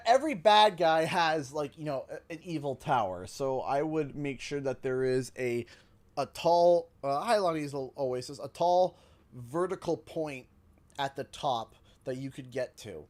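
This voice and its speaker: A man from Canada hosting a gaming livestream, rambling with many fillers and restarts, getting loud and excited over donations. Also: mid-range voice, no room sound. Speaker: livestream host.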